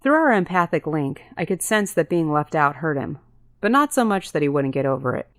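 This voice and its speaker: A woman with a fairly low voice reads a first-person audiobook. The sound is dry and close, with no room around it. She lifts her pitch to voice the characters in dialogue. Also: big pitch swings, a little fast, no room sound. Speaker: audiobook narrator.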